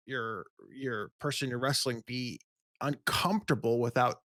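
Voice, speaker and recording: Dry-sounding podcast co-host. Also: male voice, medium pitch, unhurried, sharp tone, dry recording. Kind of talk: casual chat.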